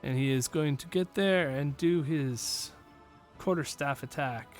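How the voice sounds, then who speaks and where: A man's voice: on the high side, measured pace, faint music behind. Upbeat man running a tabletop game. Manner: relaxed, laughs often, many fillers. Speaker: game master.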